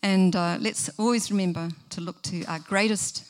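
A woman's voice: mid-range voice, fairly even intonation, normal speed. A middle-aged woman, giving a sermon in an earnest, conversational way and asking the listeners questions. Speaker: preacher.

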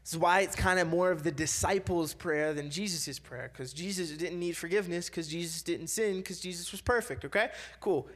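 Young man, casual sermon, slightly high voice, filler-heavy, conversational. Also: a bit bright. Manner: conversational, full of fillers and repeats, acts out quoted voices.

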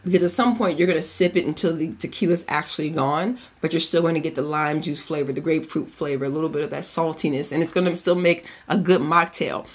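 A man's voice: on the high side, fairly even intonation, quick pace, hardly any pauses, husky. A man hosting a podcast in a casual chat, giving a cocktail recipe in a chatty, profane way and drifting off on tangents. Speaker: podcast host.

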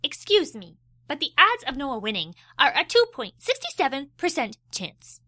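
A woman's voice: high voice, wildly swooping pitch, moderate pace, bright, forceful tone, no room sound, studio quality, exaggerated voice. A woman voicing a fussy know-it-all girl who speaks precisely.

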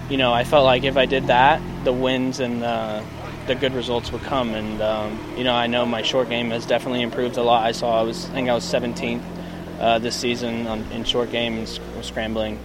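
A male pro golfer from England giving a soft-spoken post-round interview outdoors, full of "you know" and "um". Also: mid-range voice, background noise. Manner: soft-spoken, lots of fillers.

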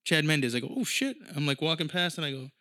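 A man's voice: on the high side, quick pace, bright, forceful tone, no room sound. Profane, rambling man on a dry mic. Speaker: podcast host. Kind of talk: casual monologue.

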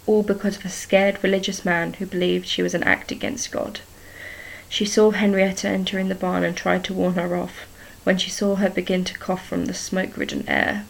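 Woman narrator, story chapter read aloud; flat delivery, gravelly tone. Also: medium pitch, low-quality recording. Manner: even, steady reading with small restarts.

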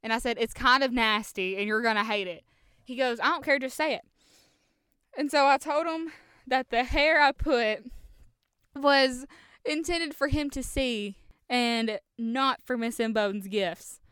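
A young woman recounts a personal story, acting out each quoted line. Her voice is very smooth and clear and sits a little high. The recording is close and dry, with no room sound. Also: measured pace, dry recording. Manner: animated, acts out quoted lines. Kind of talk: personal anecdote told to listeners.

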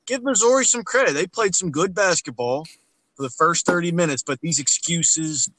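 Bright-voiced blunt sports podcast guy. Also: on the high side, moderate pace, poor audio. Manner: blunt, fired-up, swears freely. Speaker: podcast co-host. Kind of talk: casual sports podcast chat.

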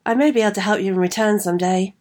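A woman's voice: medium pitch, fairly even intonation, fast, darkish tone, natural voice. Woman reads small insect king, urgent and earnest, storybook voice. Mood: pleading. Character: earnest pleading male ant king.

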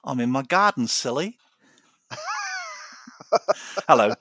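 A man's voice: mid-range voice, lively intonation, takes it slowly, bright, forceful tone, dry recording, clean studio sound. A man chatting as a podcast guest from his garden, rambling and laughing often. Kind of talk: casual chat.

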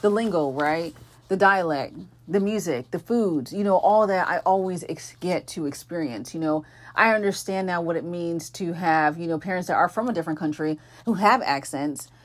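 A woman's voice: on the low side, normal speed. A young adult woman hosting a podcast, talking casually with lots of fillers and self-corrections as she introduces the episode. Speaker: podcast host.

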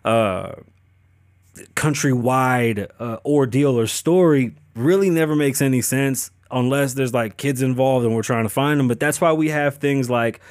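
A man's voice: mid-range voice, unhurried, dry recording, clean studio sound. A man hosting a podcast, riffing on news in a casual, profane, joking way. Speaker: podcast host. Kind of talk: casual commentary.

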